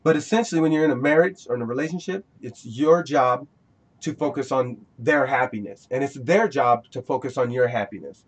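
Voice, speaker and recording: A man's voice: medium pitch, a little fast. A man with a mid-range voice hosts a casual podcast. He rambles, lectures a little, and keeps restarting his sentences. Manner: rambling, preachy, restarts often. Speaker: podcast host.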